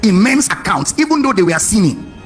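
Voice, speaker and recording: A male preacher giving a lively sermon, questioning his congregation and stretching words in a sing-song way. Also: high voice, brisk, faint music behind.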